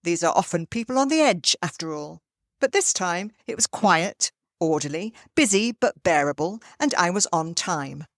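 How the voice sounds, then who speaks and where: An older woman, hosting a podcast and telling a personal story in a lively way. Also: fairly low pitch, moderate pace, dry recording, clean studio sound. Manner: lively storyteller, acts out quoted voices. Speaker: podcast host. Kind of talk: storytelling monologue.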